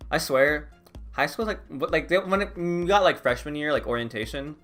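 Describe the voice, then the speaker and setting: A man's voice: on the high side, a little fast, fairly bright tone, faint music behind. A young man in his late teens or early twenties, vlogging in a rambling casual chat, full of "like" and laughs. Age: young adult. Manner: rambling, heavy use of "like", frequent laughs.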